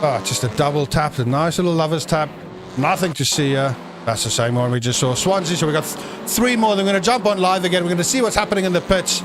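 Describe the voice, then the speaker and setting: Excitable high-voiced race commentator. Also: male voice, quick pace, noisy background. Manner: excitable, jokey, bursts into shouts at crashes. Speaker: sim racing commentator. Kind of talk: live stream race commentary.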